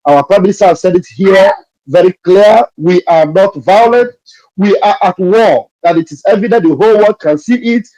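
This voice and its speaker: A man moderating a live audio session, speaking haltingly with many pauses and fillers. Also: high voice, warm tone, dry recording, poor audio.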